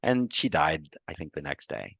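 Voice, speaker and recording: A man with a very low voice tells a personal story over a video call, halting and restarting as tears come close. The sound is dry and close, with no room around it. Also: wildly swooping pitch, gravelly, fairly bright tone, breathy edge, no echo. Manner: emotional, halting with repeated restarts. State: tearful. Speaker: guest speaker on grief. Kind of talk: personal storytelling in a group talk.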